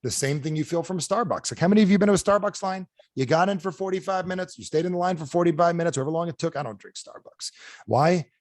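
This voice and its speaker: A man giving an energetic sales training talk over a video call, firing questions at his audience. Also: on the high side, fast, dry recording, studio quality. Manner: animated, asks the audience repeated questions. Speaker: motivational speaker.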